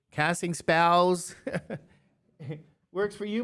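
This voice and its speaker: A man's voice: on the high side, expressive, takes it slowly, fairly bright tone. Man in his fifties, math teacher, chatty, rambling, jokey asides. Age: 50s. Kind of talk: casual classroom talk.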